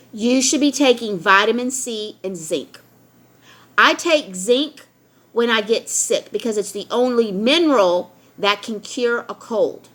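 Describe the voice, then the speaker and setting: Middle-aged woman, blunt and preachy vlogger, higher voice with a bright, sharp edge. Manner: blunt and lecturing, keeps asking "all right?". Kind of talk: opinionated talk to camera.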